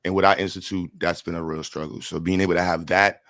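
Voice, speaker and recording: Energetic New livestream host. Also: male voice, low-pitched, fast, no echo. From New York. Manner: energetic, repeats words, slangy, shouts out chat. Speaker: livestream host raising funds for a school. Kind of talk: casual livestream chat.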